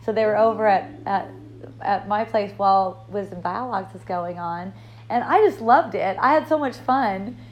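A woman's voice: medium pitch, moderate pace, lo-fi sound, slight background noise. A woman hosting an online dialogue group, telling a personal story in a casual, rambling way, upbeat and effusive with frequent restarts. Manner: rambling, laughs often, many restarts.

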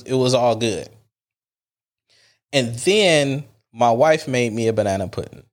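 A man hosting a podcast, telling a casual story in an animated, emphatic way with plenty of slang. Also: lowish voice. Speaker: podcast host.

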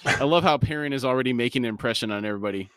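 A man's voice: mid-range voice, racing, fairly bright tone, clean tone, dry recording, studio quality. A man co-hosting a podcast who reads a novel aloud and breaks off into casual commentary. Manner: reads narration, then breaks off into chatty asides. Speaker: podcast co-host and reader.

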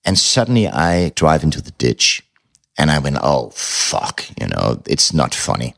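Very deep gravelly man. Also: big pitch swings, unhurried, fairly bright tone. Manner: blunt, candid, swears casually. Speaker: novelist being interviewed. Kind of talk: personal storytelling in an interview.

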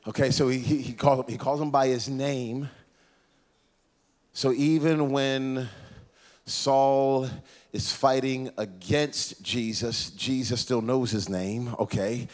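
A man preaching a sermon, animated and playful, acting out voices of Bible figures and teasing the congregation. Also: medium pitch, slow. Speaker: pastor. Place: church.

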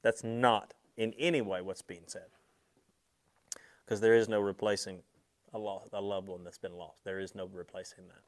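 A man preaching a sermon with a somewhat low voice. He talks straight to his listeners in an easy, conversational way. He slows and swells on the key words, then drops quiet for asides. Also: fairly even intonation. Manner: conversational, speaks directly to listeners.

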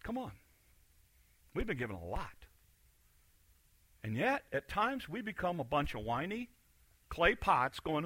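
A male pastor preaching a sermon in a church, animated, acting out the voices he quotes and swinging from quiet to loud. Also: high-pitched, moderate pace, dry recording. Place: church sanctuary.

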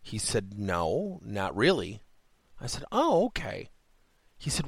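A man's voice: fairly low pitch, huge pitch swings, unhurried, gravelly, husky. A middle-aged man hosting a coaching podcast, telling a story and acting out both sides of a conversation. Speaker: podcast host and business coach. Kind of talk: solo podcast monologue.

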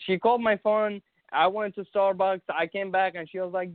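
Halting man on a tinny line. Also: high-pitched, flat delivery, no room sound. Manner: halting, many restarts and fillers. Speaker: guest recounting an event. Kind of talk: casual conversation.

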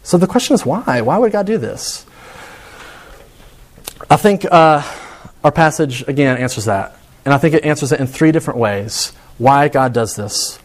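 A young man delivers a sermon in an earnest, searching way. His voice sits somewhat high for a man. He poses rhetorical questions and often restarts his phrases as he talks. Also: expressive, moderate pace, long pauses. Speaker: pastor.

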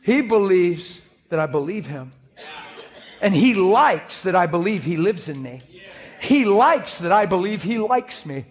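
Husky man preaching earnestly. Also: sits high, lively intonation, unhurried. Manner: earnest, conversational preaching with spoken prayers. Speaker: pastor. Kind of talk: sermon. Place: church hall with audience.

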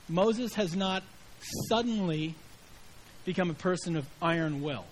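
A middle-aged pastor preaches a sermon in a conversational style, giving the quoted voices their own inflection. His voice sits high and moves at a moderate pace, and the audio quality is poor.

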